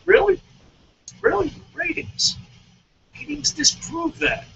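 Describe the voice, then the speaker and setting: A man's voice: extremely high pitch, slow, a bit bright, lo-fi sound, a little hiss or hum. A man hosting a show and ranting in a heated, profane, emphatic way. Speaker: show host. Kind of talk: profane wrestling-commentary rant.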